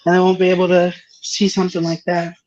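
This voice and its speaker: A man joining a casual podcast chat, laid-back and even in his delivery. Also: sits high, quick pace, muffled recording.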